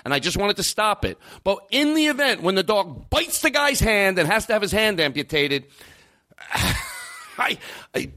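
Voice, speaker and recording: Animated man ranting on a podcast. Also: normal speed. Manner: animated, swears, jumps pitch for emphasis. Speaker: podcast host. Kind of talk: heated podcast rant.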